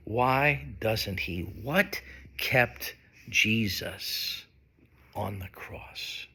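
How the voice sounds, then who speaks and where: A man preaching a sermon, slow and emphatic, with dramatic pauses. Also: lowish voice, very animated, bright, forceful tone, breathy edge. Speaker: pastor.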